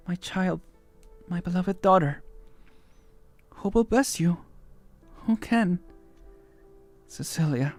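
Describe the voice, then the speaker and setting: A man voicing a tender, dying mother who pleads softly with her daughter in a game story reading. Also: sits high, pitched above the performer's own voice.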